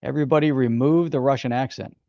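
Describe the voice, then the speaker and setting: A man's voice: mid-range voice, fairly even intonation, fast talker, vocal fry, dry recording. A man in a playful mood teases his co-host and laughs often through casual banter. His voice comes over a muffled remote line. It sounds dry, with no room in it. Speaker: co-host of a crypto news show.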